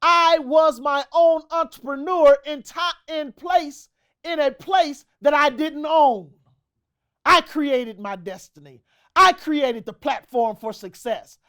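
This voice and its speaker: Woman, host, motivational business talk, emphatic, preacher-like repeats, slightly high voice. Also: takes it slowly, a bit bright.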